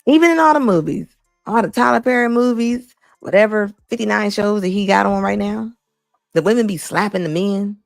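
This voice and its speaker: Blunt gravelly woman commentator. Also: medium pitch, fairly quick, no echo, clean studio sound, faint music behind. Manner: blunt, emphatic, repeats lines for effect. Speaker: commentary host. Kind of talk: casual reaction commentary.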